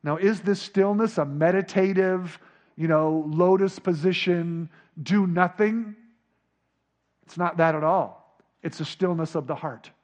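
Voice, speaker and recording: Man, high voice, sermon, hushed then loud, dramatic delivery. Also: measured pace. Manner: dramatic, swinging from hushed to shouting. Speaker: pastor.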